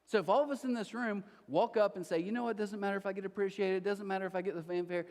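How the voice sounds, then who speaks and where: A man in his forties preaching a sermon in a church auditorium, telling stories in an animated way and acting out the quotes. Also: high voice, rapid-fire, big-room sound. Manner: animated storytelling, acts out quotes. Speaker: pastor.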